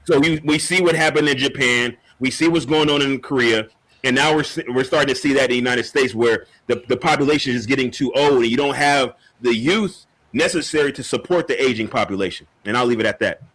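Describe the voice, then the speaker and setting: Opinionated man making a steady argument. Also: medium pitch, rough recording. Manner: deliberate, opinionated, building an argument. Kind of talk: casual podcast discussion.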